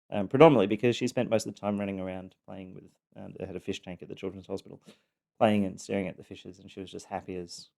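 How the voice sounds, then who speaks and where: A man's voice: fairly low pitch, dark tone. A middle-aged man candidly telling his own story, frank, casually swearing, with wry laughter.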